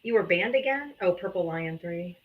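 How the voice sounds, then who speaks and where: A woman's voice: lowish voice, animated, moderate pace, narrow, tinny audio. A woman hosting a political livestream, combative and taunting, calling out viewers to come up and talk. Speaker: livestream host.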